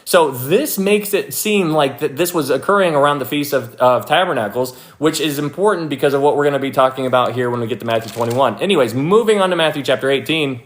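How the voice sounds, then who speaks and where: A young man leading a casual livestream Bible study, chatty and animated, thanking viewers by name and acting out quoted people. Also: medium pitch, fast talker, few pauses. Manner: frequent fillers and restarts, thanks viewers by name.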